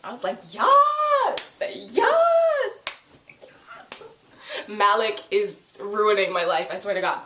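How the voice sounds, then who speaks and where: Excitable woman fan reviewing a TV show; casual, swears freely, recorded in an echoey room. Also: mid-range voice, a little fast, few pauses, a little hiss or hum. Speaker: TV episode reviewer.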